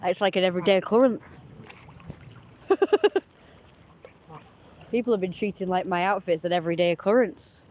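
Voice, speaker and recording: A woman's voice: lowish voice, moderate pace, pauses often, a little mellow, dull audio, a little hiss or hum. A young woman chatting casually in a vlog outdoors by a pond, giggly and talking to the ducks. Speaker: vlogger.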